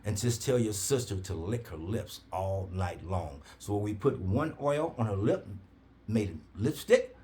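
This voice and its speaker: A man telling an animated story, his pitch rising and falling widely. He speaks in a repetitive, preacher-like cadence. He acts out the other people in his story with sudden high, loud bursts. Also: a little slow, a little hiss or hum. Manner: acts out quoted voices with big pitch jumps. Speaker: herbal oil seller.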